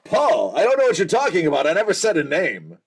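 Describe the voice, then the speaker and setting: Lively, high-voiced American livestream host. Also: male voice, a little fast, husky. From United States. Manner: chatty and joking, addressing viewers by name. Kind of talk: casual livestream chat.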